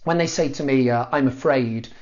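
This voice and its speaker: A man's voice: mid-range voice, moderate pace, a little mellow, lo-fi sound. A man with an English accent, a Spanish teacher, ranting emphatically and playfully about language rules. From Spain. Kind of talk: animated monologue.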